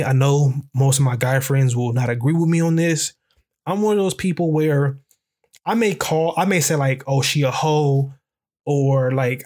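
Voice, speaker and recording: A young man with a fairly high voice tells a candid, profane story. He rambles, loaded with fillers and loose grammar, in a casual storytelling style. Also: darkish tone. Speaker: podcast host.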